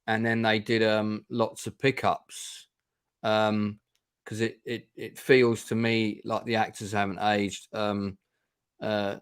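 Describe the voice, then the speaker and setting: A man's voice: lowish voice, flat delivery, slow, clear, resonant tone. Man, livestream host, wry and chatty, dry sarcasm, sounds like a video call. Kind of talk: casual chat on a livestream.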